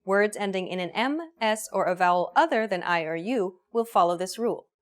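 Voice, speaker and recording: A woman's voice: medium pitch, a little fast. Woman narrating a language lesson. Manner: clear, even teaching delivery. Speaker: language course host.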